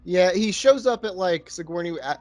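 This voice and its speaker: A man's voice: high voice, expressive, normal speed, darkish tone, faint music behind. A man co-hosting a podcast, chatting casually about a movie over beer and laughing at his own jokes. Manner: jokey, laughs at own lines. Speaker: podcast co-host.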